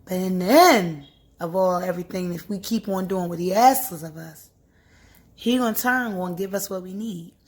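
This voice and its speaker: A woman's voice: fairly low pitch, normal speed. A young woman vlogging to camera, talking earnestly and encouragingly about faith and grief, with frequent laughs. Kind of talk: casual heartfelt talk to camera.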